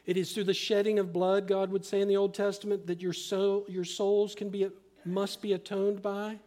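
A middle-aged man preaching a sermon as pastor, earnest and emphatic, often dropping to a hushed, slow delivery. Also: sits high, flat delivery.

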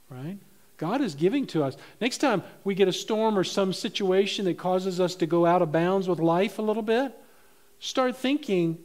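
A male pastor delivering a sermon in his church, his voice pitched notably high. He is animated, climbing to loud emphatic peaks and then dropping to quiet, low asides. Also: normal speed.

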